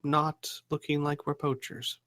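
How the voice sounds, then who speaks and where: A man voicing a shrewd businesswoman who deals in shady goods, speaking in a cool, measured, bargaining way. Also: fairly high pitch, flat delivery, fairly bright tone, pitched above the performer's own voice. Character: shrewd middle-aged businesswoman fence, smooth-talking.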